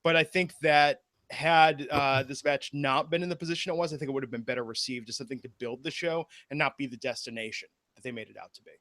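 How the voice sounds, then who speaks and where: A man's voice: mid-range voice, steady tone, fast, few pauses, a bit bright, no echo. Dry-sounding podcast host, man. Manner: leads the talk and hands the floor to co-hosts. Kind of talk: casual wrestling podcast chat.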